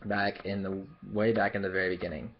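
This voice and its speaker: A man's voice: low voice, flat delivery, fairly quick, highs cut off, a little hiss or hum. A young man from the southern US with no regional accent, chatting through a casual Q&A vlog in a rambling way, with lots of fillers and restarts. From Memphis, Southern US. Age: young adult. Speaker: YouTuber.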